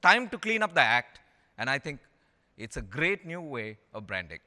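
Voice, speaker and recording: A man's voice: mid-range voice, very animated, moderate pace, bright, forceful tone. A middle-aged man from India with an Indian English accent, giving a storytelling keynote talk and repeating phrases for emphasis. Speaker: conference speaker. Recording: long hall reverb.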